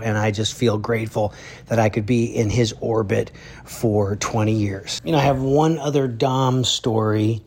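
A man's voice: on the low side, darkish tone. A man, a drummer and educator, telling heartfelt stories in a spoken tribute. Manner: earnest storytelling.

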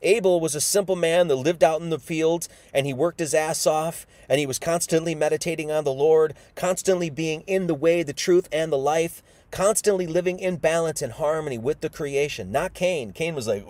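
A man's voice: on the high side, normal speed, hardly any pauses, a little mellow, no echo. A man giving an informal Bible sermon, casual and emphatic, acting out the people he quotes. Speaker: preacher.

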